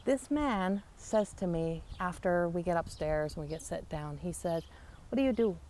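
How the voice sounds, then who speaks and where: A woman's voice: fairly low pitch, normal speed, slight background noise. A woman, a psychic medium, chattily telling a personal story and acting out the dialogue. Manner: chatty, animated retelling with quoted dialogue.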